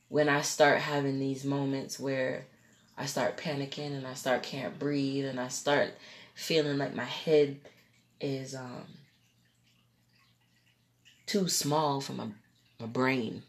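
A woman's voice: very deep voice, takes it slowly, long pauses. Woman telling a dramatic personal story. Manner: animated, acts out the voices of people in her story; rambling, repeats and restarts phrases.

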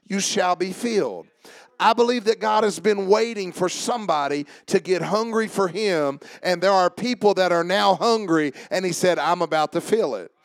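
Gravelly high-voiced preaching man. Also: no echo. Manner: builds from quiet talk to shouted preaching; calls on church members by name. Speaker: pastor. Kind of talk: sermon. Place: church.

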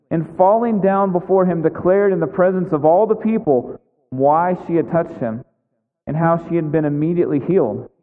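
A man with a fairly high voice preaches a sermon and acts out the voices of the people in the story as he tells it. His voice carries the long reverb of a large hall. The sound is thin and phone-like.

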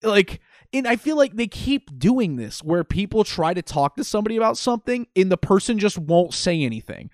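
A man in casual chat, animated and exasperated, acting out what characters say. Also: high voice, a little fast, no room sound, studio quality. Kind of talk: casual chat about a video game.

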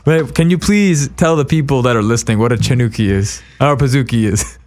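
A male podcast host runs a relaxed interview chat in an animated way, full of quick asides and easy laughter. His voice sits in a middle pitch. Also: slight background noise.

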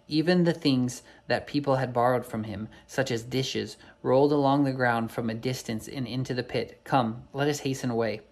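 A man's voice: medium pitch, moderate pace, few pauses, a little mellow, lightly acted. A man reading the part of a bold male hero on a quest in a storybook, formal and earnest.

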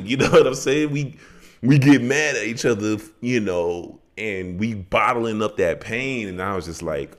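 A man's voice: low voice, moderate pace. A man talking through a song in a casual podcast chat, reflective and full of "you know" asides. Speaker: podcast co-host.

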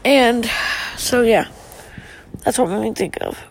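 A middle-aged woman speaks in a high, fry-laced voice during a live stream. Her message to her family is emotional and halting, broken by sighs and restarts. The gravel in her voice sits under a voice pitched well above most women's. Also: a little hiss or hum, rough recording.

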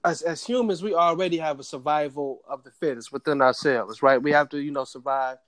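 A man's voice: on the high side, fairly quick, dry recording. Motivational man with casual slang. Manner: motivational, relaxed slang, calls listeners man and bro. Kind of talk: casual chat.

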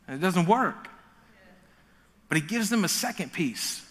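Male pastor, sermon delivery, energetic and joking, high bright voice. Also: a little slow, long reverb tail.

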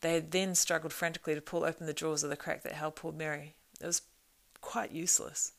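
A woman narrating a storybook in a measured, expressive reading. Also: low-pitched, creaky. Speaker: audiobook narrator.

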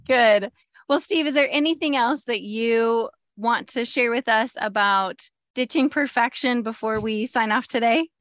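A woman's voice: on the high side, measured pace, dry recording, studio quality. Encouraging woman hosting a podcast. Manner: warm, laughing often, encouraging responses. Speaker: podcast host. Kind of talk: casual interview chat.

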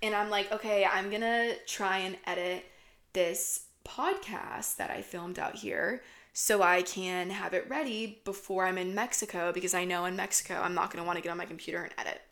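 A woman's voice: lowish voice, normal speed, gravelly. A young woman hosting a podcast, telling a story in a casual, rambling, profanity-laced way. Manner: profane, rambling, animated retelling. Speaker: podcast host.

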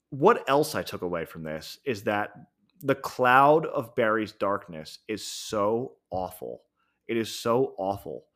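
A man hosting a podcast, casually recapping a series finale and thinking aloud with frequent ums and self-corrections. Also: on the low side. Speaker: podcast host. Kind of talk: solo podcast review.

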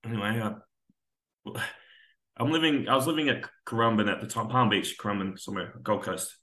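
Low-voiced man telling a raw story. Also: lively intonation, brisk, bright, forceful tone. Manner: raw, candid, swears often, acts out dialogue. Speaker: podcast guest, army veteran. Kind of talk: emotional personal storytelling. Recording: roomy echo.

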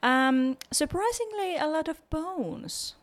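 Woman cohosting a podcast, kinda high voice, laughs a lot, casual chat. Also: animated, takes it slowly. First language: Finnish. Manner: giggly, chatty, laughs often. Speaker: podcast co-host.

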